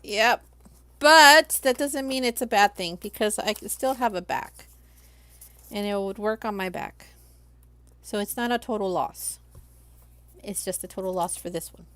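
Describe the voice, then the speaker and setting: A woman's voice: mid-range voice, a little slow, long pauses, fairly bright tone, dry recording. A young adult woman from Los Angeles, chatting casually on a live stream and talking viewers through each crafting step.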